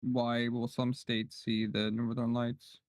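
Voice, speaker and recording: A man's voice: mid-range voice, little pitch movement, slow pace, no echo, rough recording. A man streaming and chatting casually, teasing and bossing around an AI assistant and complaining when it falls short. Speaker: game streamer. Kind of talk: casual livestream chat.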